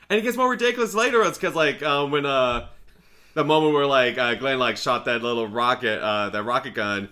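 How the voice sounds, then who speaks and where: A man's voice: mid-range voice, normal speed, bright, forceful tone. A man in casual podcast chat, rambling through a movie recap with lots of fillers and laughs. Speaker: podcast co-host.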